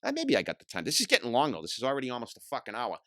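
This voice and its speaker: A middle-aged man, hosting a podcast and telling hardcore scene stories in a profane, animated way. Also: medium pitch, rapid-fire, dry recording, studio quality. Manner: profane, animated storytelling, acts out quotes loudly. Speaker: podcast host. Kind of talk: casual storytelling monologue.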